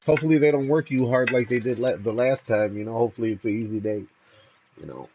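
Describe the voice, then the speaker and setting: A man's voice: medium pitch, fast, muffled recording, slight background noise. Laid-back man streaming while fishing. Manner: laid-back, laughing, swears casually, greets chat. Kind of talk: casual livestream chat. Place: outdoors fishing.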